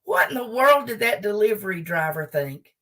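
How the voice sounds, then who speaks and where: An older woman, a guest humorist, telling a funny story from home in a lively, laughing way. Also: mid-range voice, moderate pace, distant mic. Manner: animated, laughs as she tells the story. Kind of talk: comic storytelling.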